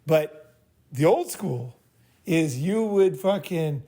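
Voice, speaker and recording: Slow-paced yet animated, this host has a slightly high, warm voice as he leads a group meeting. He gives rambling, blunt advice with plenty of profanity, checking in with "right?" after each point.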